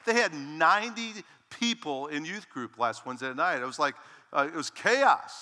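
Bright-voiced male pastor preaching. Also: on the high side, moderate pace, hardly any pauses, in a large hall. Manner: lively, emphatic, asks the congregation "Amen?". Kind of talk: sermon. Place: church sanctuary.

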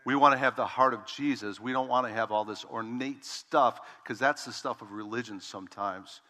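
A man's voice: mid-range voice, normal speed, bright, forceful tone. A man preaching as a pastor, reading scripture and explaining it in a casual, conversational style that checks in with the congregation. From Dutch heritage. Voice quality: bald preacher self-described. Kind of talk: expository sermon. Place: large church sanctuary with long reverb. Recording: reverberant church hall.

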